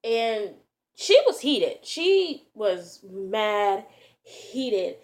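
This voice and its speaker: A woman's voice: mid-range voice, big pitch swings, very slow, darkish tone. A woman vlogger telling a story to her viewers in a rambling, casual way, full of fillers and slang.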